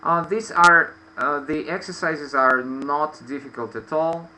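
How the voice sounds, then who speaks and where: A man's voice: a little high, a little slow, pushed and bright, low-quality recording. A man teaching English in an online lesson, explaining patiently with many fillers. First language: Russian. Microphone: video call.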